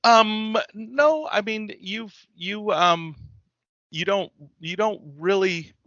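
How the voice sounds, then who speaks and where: Rambling bright-voiced male game master. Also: high-pitched, slow, dry recording. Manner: rambling, with fillers and laughs. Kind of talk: narrating a tabletop game. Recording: dull lo-fi dry recording.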